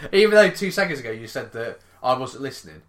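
A man co-hosting a podcast, rambling and animated, laughing and swearing as he reads stories. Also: mid-range voice. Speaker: podcast co-host reading news stories. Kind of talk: casual podcast banter.

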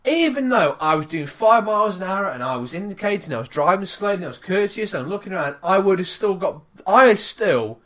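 Animated man telling a rant. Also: high-pitched, a little fast, hardly any pauses. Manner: animated, swearing, acts out his own shouting. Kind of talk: casual chat, animated anecdote.

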